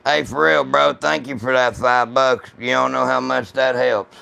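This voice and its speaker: A man hosting a casual gun-channel livestream, talking to viewers in rough, profane, blunt banter. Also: medium pitch, steady tone, moderate pace, pushed and bright.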